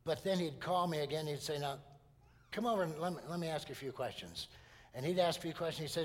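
A man's voice: fairly high pitch, quick pace. A man preaching a sermon as a pastor, telling a story and stressing key phrases with sudden emphasis. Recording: long hall reverb.

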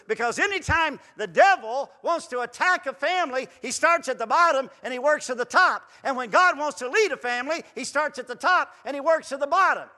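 Bright-voiced folksy male preacher. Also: very high voice. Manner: animated, builds to loud emphatic runs. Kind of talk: folksy sermon. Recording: long reverb in a hall.

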